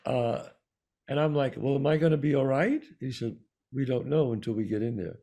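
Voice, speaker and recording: A man with a New York accent, co-hosting a talk show and telling a personal story in an animated way, acting out the voices of the people in it. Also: medium pitch, brisk. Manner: animated storyteller, acts out quoted dialogue. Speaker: podcast co-host. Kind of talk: storytelling in casual conversation.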